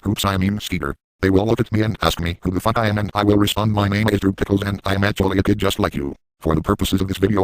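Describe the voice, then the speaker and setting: A crude, manic grown man rattles off his boasts at a breakneck clip in a lowish voice, as a man acts him out. The delivery is gleeful yet deadpan. The sound is close and dry, with no room around it. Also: no echo, lightly acted, rough recording. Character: crude, manic adult man boasting about outrageous deeds. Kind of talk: crude first-person parody narration.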